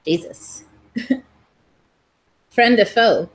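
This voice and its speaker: A woman's voice: on the high side, drawn-out words, pitched above the performer's own voice, rough recording. A woman playing a wry, easygoing woman who lives simply in a camper. She talks casually and loosely. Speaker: tabletop game player. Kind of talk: in-character tabletop role-play.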